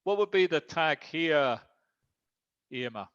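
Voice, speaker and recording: A man's voice: fairly high pitch, expressive, slow pace, a bit bright, no room sound. A man giving an online English lesson, explaining grammar patiently step by step. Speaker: English teacher. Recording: dull lo-fi sound.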